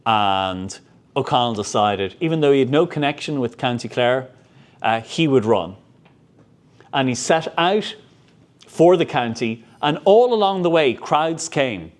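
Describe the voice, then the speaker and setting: Animated man telling history. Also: medium pitch. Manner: animated storyteller. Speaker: lecturer. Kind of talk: public history lecture.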